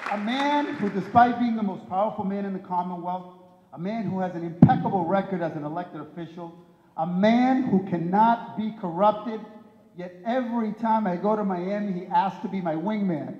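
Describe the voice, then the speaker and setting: A man's voice: high-pitched, normal speed, a little mellow, some chatter behind. Teasing male emcee in an echoey ballroom. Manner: playful, teasing, punchline timing. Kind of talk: joking emcee introductions. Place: hotel ballroom event.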